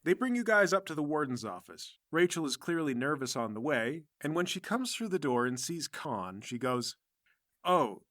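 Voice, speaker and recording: A man narrates a tabletop game as game master in a chatty, descriptive way. His voice is bright and a little high. The sound is dry and close. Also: very animated, moderate pace, hardly any pauses, no room sound.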